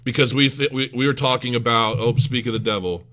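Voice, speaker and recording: A man's voice: mid-range voice, fairly even intonation, a little fast, fairly bright tone. A man recovering from illness tells a rambling, self-mocking story in a casual vlog, swearing freely. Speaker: crypto vlogger.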